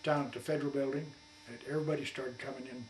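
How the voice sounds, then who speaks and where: A man's voice: medium pitch, steady tone, racing. A man in his eighties, a war veteran, telling rambling folksy stories for an oral history interview at his home. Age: 80s. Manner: rambling folksy colloquial storyteller. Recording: echoey room, distant mic, faint hum.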